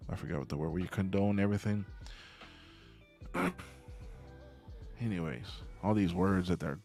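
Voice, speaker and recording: A man with a low, gravelly voice talks to his livestream viewers late at night. He tells his story in a loose, meandering way and grows heated over questions of right and wrong, with faint music running behind him. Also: moderate pace, a little mellow. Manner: meandering, gets worked up about morals. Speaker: livestream host. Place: home at night.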